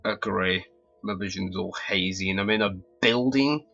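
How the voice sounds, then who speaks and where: A man's voice: fairly low pitch, moderate pace, vocal fry, sharp tone, faint music behind. Wry man casually playing a game. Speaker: let's play host. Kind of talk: casual game commentary and reading. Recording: dull lo-fi recording.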